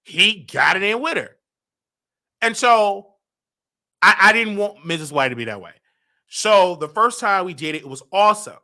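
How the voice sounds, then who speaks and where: A man hosting a talk show, telling a personal story in an animated way and acting out the dialogue. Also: high-pitched, moderate pace, long pauses. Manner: dramatic, acts out quoted dialogue. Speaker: show host.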